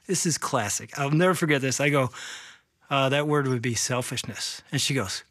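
A man's voice: a little high, very animated, fast, pushed and bright, no room sound, clean studio sound. A middle-aged man, a podcast co-host and chaplain, telling a story in a casual chat and acting out other people's lines with laughs.

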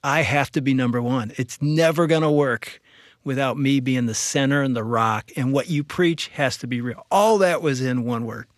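A man, a pastor, earnestly recounting a personal testimony about his marriage in a relaxed interview. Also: mid-range voice, normal speed, dry recording, studio quality. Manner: earnest, reflective storytelling. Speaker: pastor and guest speaker.

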